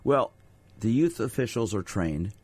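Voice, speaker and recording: A middle-aged man with a lowish voice hosts a radio talk show as a sports psychologist. He speaks in a conversational, storytelling way and asks the audience rhetorical questions. The studio sound is dry and close. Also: animated, measured pace, darkish tone, husky, no echo. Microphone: studio microphone.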